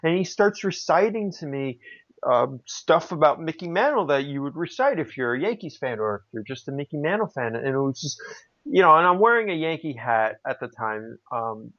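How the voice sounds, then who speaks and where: A man's voice: on the high side, expressive, moderate pace, a bit bright. A man co-hosting a podcast, telling anecdotes in casual chat with many restarts. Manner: rambling, frequent restarts and fillers. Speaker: podcast co-host. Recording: slightly dull lo-fi audio.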